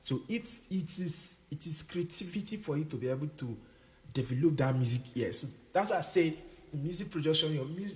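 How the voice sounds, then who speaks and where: A man teaching music production in a casual tutorial while playing a keyboard, often repeating himself and checking that the listener understands. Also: a little high. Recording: room with long reverb, keyboard music behind.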